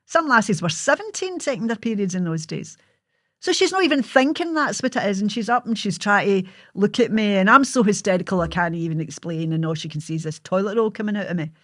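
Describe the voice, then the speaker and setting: A woman's voice: medium pitch, no room sound, clean studio sound. A Scottish woman hosting her own show, telling a personal story in a vivid, blunt way and swearing freely.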